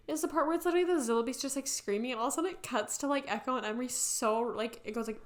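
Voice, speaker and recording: A young woman co-hosting a podcast, chatting casually and telling animated stories with laughter. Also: sits high, very fast, hardly any pauses. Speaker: podcast co-host. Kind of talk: casual fan chat.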